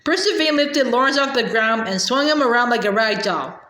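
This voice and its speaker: A woman reads a children's novel aloud, narrating steadily with the odd stumble and restart. Her voice sits a little high. The room around her adds a clear echo. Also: lively intonation, fairly quick, pushed and bright. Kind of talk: storybook read-aloud. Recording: echoey room.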